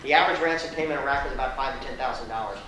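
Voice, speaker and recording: A man giving an animated, conversational lecture, quizzing the audience and adding blunt, sarcastic asides. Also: mid-range voice, rapid-fire. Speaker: guest speaker. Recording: echoey room, distant mic, faint noise.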